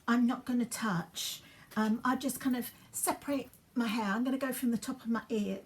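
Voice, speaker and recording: A woman chats in a rambling way as she styles her hair for a get-ready-with-me vlog at home, dropping into soft asides. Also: on the high side. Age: 50s. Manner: chatty, rambling, drops into soft asides while working. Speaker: beauty vlogger.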